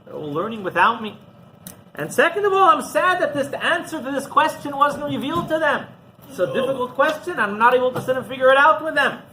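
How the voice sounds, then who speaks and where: A man's voice: extremely high pitch, animated, brisk, pushed and bright, a little hiss or hum, voice pushed up, full character voice, low-quality recording. A man voicing a sorrowful elderly male sage hiding in a cave, speaking earnestly.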